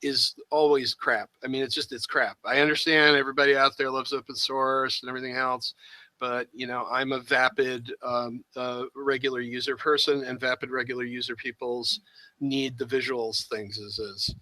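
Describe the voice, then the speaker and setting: A man's voice: mid-range voice, little pitch movement, moderate pace, pushed and bright, no echo, poor audio. A man hosting a casual chat, thinking aloud with hesitant, self-deprecating asides. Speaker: host.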